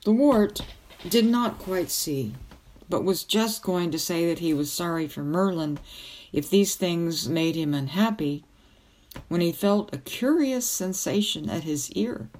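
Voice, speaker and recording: A woman reading a novel aloud as a storyteller, with gentle, even narration. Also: fairly low pitch, a little slow.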